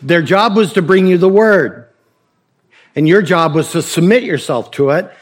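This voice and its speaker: Man preaching with a raised pitch. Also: animated, normal speed. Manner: conversational preaching with rhetorical questions and humor. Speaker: pastor. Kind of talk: sermon.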